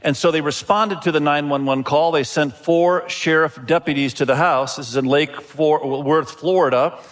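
A man's voice: on the high side, steady tone, moderate pace. A male pastor giving a sermon in a friendly, conversational storytelling manner. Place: church auditorium. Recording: long reverb of a large hall.

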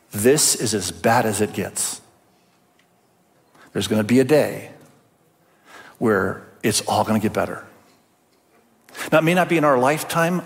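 Older male pastor, earnest emphatic sermon delivery, mid-range voice, long reverb of a big church hall. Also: medium pitch. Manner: earnest, emphatic, with rhetorical questions.

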